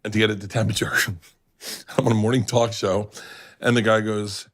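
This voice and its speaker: A man, a comedian, telling an animated story and laughing as he goes. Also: on the low side, normal speed. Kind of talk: storytelling with impressions.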